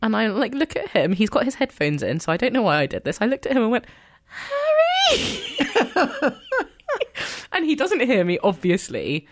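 A young woman telling an animated story in a chat, excitable and laughing often, acting out her own quotes. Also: medium pitch, quick pace, few pauses. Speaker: guest telling a fan story.

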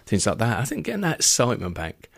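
A man's voice: on the low side, huge pitch swings, fast talker, creaky. A man presenting a casual radio chat show, jokey and self-mocking, laughing often.

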